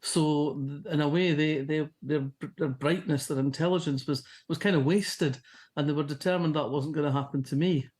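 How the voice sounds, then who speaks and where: A woman from Scotland with a softened Fife accent, a novelist answering questions in a chatty, anecdotal way. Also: sits low, normal speed. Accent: softened Fife Scottish. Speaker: novelist guest. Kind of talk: casual interview chat.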